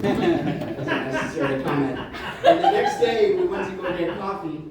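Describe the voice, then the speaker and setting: A man doing a rambling stand-up set, telling a loose, halting story full of "like" and restarts. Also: fairly high pitch, expressive, crowd noise. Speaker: stand-up comedian. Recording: roomy, distant mic with faint room noise.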